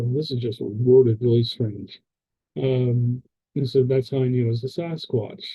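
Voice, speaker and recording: A man's voice: mid-range voice, breathy edge, muffled recording. A man hosting a paranormal podcast, talking casually to his camera in a rambling, hesitant way with many fillers and restarts. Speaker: podcast host. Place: indoors at a camera.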